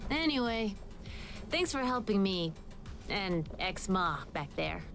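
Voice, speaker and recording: A woman's voice: medium pitch, very animated, slow. A slangy, breezy teenage girl. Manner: slangy, casual, laid-back. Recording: game audio with music behind.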